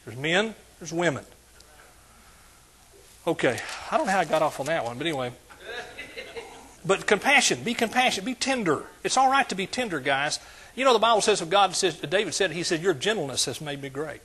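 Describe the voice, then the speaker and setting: A man preaching a sermon to a congregation, asking them questions and building to loud exclamations. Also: fairly high pitch, lively intonation, fairly quick. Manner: preaching with call-and-response, rising to shouts. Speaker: pastor.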